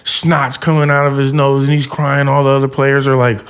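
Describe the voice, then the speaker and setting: A man's voice: mid-range voice, completely flat delivery, normal speed, few pauses, fairly bright tone, smooth. A man hosting a podcast, telling a personal story in an earnest, heartfelt way. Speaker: podcast host. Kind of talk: casual podcast conversation.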